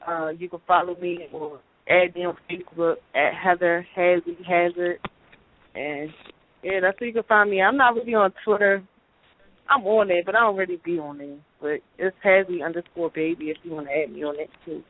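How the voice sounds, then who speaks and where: A woman's voice: on the low side, steady tone, normal speed. A woman with a mixed Baltimore and New York accent, calling in as a battle rapper guest, talking in loose, laid-back street slang. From Brooklyn, New York. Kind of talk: casual phone interview. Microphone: phone call. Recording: tinny dry phone line.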